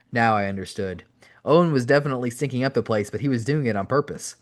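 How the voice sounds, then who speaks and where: A man's voice: medium pitch, fast talker. A man, a podcast host, reading an audiobook aloud in an amateur style, now and then correcting his own slips. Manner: steady reading with occasional self-corrections.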